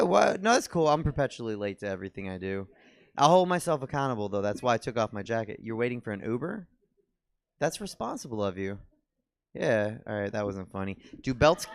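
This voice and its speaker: A man's voice: medium pitch, clean tone, dry recording. A young man hosting a comedy show in a small theater, bantering casually with the crowd. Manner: laid-back banter with the crowd. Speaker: show host.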